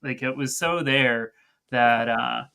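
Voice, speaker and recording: Bright-voiced male interviewer. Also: mid-range voice, takes it slowly, gravelly, clear, resonant tone. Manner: conversational, storytelling. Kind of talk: interview conversation.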